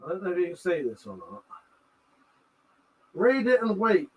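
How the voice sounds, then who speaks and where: A man's voice: sits high, huge pitch swings, moderate pace, pauses often, breathy edge. An English man hosting a live stream in casual chat, swearing often and gloating at his viewers. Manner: swears a lot, mocking and gloating. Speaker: livestream host.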